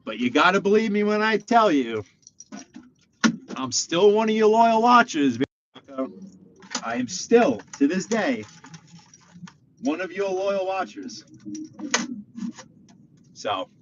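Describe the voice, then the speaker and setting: A man chatting casually on a live stream while he drives, excitable and reading viewer comments aloud. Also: sits high, slow, long pauses. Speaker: livestreaming driver. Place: inside a car while driving. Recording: muffled lo-fi stream audio with faint road noise.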